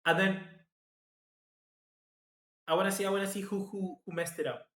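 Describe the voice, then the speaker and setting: A fairly high-voiced man talks through a football match live, chatty and easily excited, bursting out at near misses. He reads out viewer comments between plays. His voice rings in an echoey room. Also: racing. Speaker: football fan channel host.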